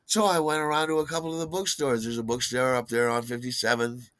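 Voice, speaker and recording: A man's voice: medium pitch, level tone, fast talker, a bit bright, no room sound. An older man telling a personal story in a wry, conversational way. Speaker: podcast host.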